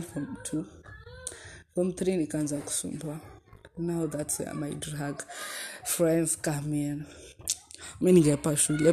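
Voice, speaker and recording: A young Kenyan woman in her twenties with a deep voice, hosting a podcast and chatting casually about her life, switching between English and Swahili slang. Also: dark tone, slight background noise. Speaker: podcast host. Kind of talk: casual personal storytelling.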